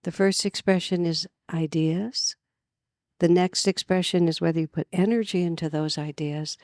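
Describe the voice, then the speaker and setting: A woman from California giving an earnest spiritual talk at a retreat, telling stories with lively emphasis. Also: on the low side, normal speed, dry recording, studio quality. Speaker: spiritual teacher. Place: retreat gathering.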